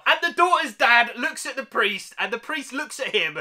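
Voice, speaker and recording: On his vlog, a British man reviews a movie in a casual, slangy rant, laughing again and again at the film's flaws. His voice is very high for a man, sharp and bright, and he talks at a moderate pace with an animated manner.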